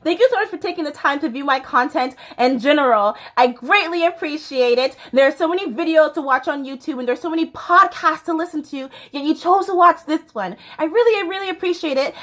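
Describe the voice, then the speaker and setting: A young American woman talks straight to her viewers in a bubbly, chatty vlog style. Her voice sits high and bright. She laughs easily, and her talk is full of little fillers. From United States. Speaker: YouTube host.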